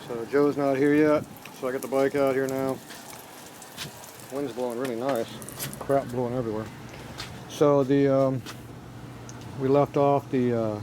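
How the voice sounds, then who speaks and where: A man's voice: medium pitch, dark tone, a little hiss or hum, low-quality recording. A man doing casual shop talk while he works on a motorcycle outdoors, plain-spoken and frustrated, often mumbling and trailing off. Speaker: motorcycle mechanic. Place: outdoor workshop yard on a windy day.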